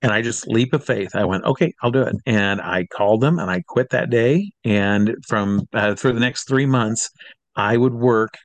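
A middle-aged man from Iowa, an entertainer telling a lively anecdote and acting out the people in it. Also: fairly low pitch, moderate pace, no echo. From Iowa, USA. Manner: lively storyteller who acts out the people he quotes. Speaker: entertainer guest. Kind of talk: animated anecdote.

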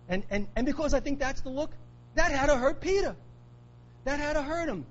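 A man's voice: extremely high pitch, animated, brisk, lo-fi sound, a little hiss or hum. A man preaching a sermon, emphatic, repeating key phrases for weight. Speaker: pastor.

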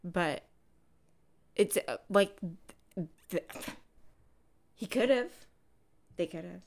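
Woman podcast co-host, low voice, unhurried film chat, acts out scene quotes. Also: lively intonation, gravelly, a little mellow. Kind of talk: casual chat about a film.

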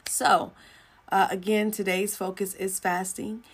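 A woman's voice: medium pitch, little pitch movement, a little slow, slight background noise. A woman hosting a livestream and teaching about faith in a casual, conversational way, repeating phrases for emphasis. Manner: acts out little dialogues in shifting voices.

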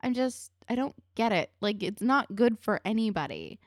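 A woman's voice: fairly high pitch, expressive, moderate pace, no room sound, clean studio sound. A woman co-hosting a podcast, musing over a TV episode in casual chat, opinionated and full of fillers. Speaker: podcast co-host.

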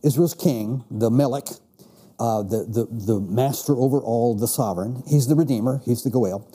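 A man's voice: mid-range voice, moderate pace, mellow, slightly rough. A man teaching a Bible class, reading verses aloud and explaining them with emphatic restarts. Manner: reads scripture then explains with emphatic restarts.

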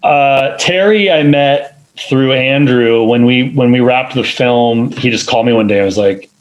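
A man's voice: medium pitch, measured pace, rough recording. A man, a film editor, talking casually in an interview, rambling with many fillers and restarts. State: parent of two little kids.

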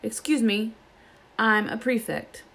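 A woman's voice: on the high side, fairly even intonation, takes it slowly, vocal fry, a bit bright, pitched above the performer's own voice, heavily acted. A woman voicing a pompous, self-important teenage boy prefect who gives bossy commands in a storybook reading.

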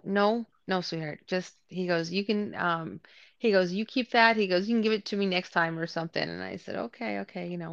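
A woman recounts her day in lively casual chat, slipping into other people's voices as she tells it. Her pitch sits in the middle range. The recording is dull and lo-fi, with a dry sound. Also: smooth, no room sound. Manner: animated, acts out quotes, laughs often. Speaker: podcast co-host.

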